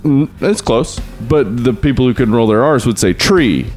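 A man's voice: mid-range voice, moderate pace, a little mellow, faint music behind. A married man co-hosting a casual podcast, wry and laid-back, laughing often. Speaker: podcast co-host. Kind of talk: casual movie-review chat.

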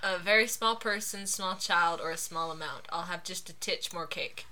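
A woman's voice: lowish voice, moderate pace, bright, forceful tone. A woman co-hosting a podcast in casual chat, rambling and laughing often. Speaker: podcast co-host.

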